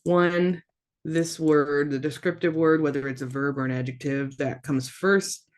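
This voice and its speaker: A language teacher giving a casual online lesson, repeating each word slowly and carefully and dropping in relaxed asides between examples. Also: mid-range voice. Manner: slow, careful repetition of words with casual asides.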